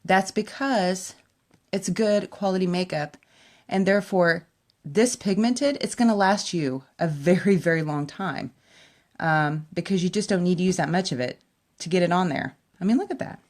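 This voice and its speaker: A woman's voice: lowish voice, normal speed, a little mellow. A woman giving a chatty, enthusiastic makeup tutorial at home, talking straight to her viewers. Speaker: makeup vlogger. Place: at home by a window.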